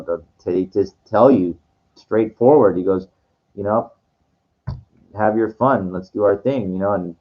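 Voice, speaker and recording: Rambling man with a low voice. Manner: rambling, many fillers and restarts. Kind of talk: casual storytelling monologue. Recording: dull lo-fi recording.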